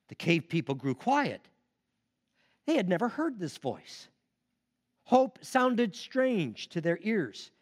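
A male preacher giving a sermon and telling a story with expressive emphasis. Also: high-pitched, takes it slowly, long pauses.

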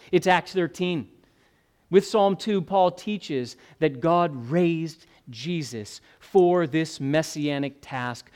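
Male pastor, slightly higher voice, expository sermon with casual asides and building emphasis. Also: a little mellow. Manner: expository preaching, conversational asides, rising emphasis.

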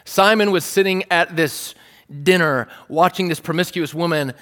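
A man's voice: a little high, normal speed, a bit bright. A male pastor preaching a sermon in a conversational, playful style, acting out the scenes he tells. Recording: long reverb of a large hall.

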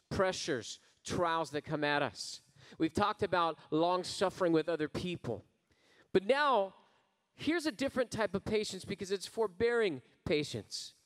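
A man preaching a sermon. He swells into emphatic lines, drops to quiet asides, and tells a folksy story. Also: fairly high pitch, long reverb tail. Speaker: pastor.

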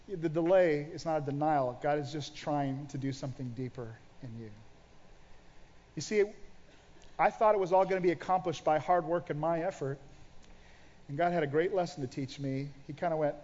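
In a large, reverberant church hall, captured with a dull sound, a middle-aged pastor delivers a sermon about his own story, acting out past prayers. He speaks briskly in a slightly high, slightly mellow voice.

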